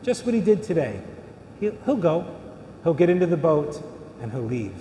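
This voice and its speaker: Priest preaching in an echoey church. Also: male voice, on the high side, very animated, normal speed, mellow, a little hiss or hum. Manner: conversational preaching with rhetorical questions. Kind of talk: sermon. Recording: echoey church hall with long reverb.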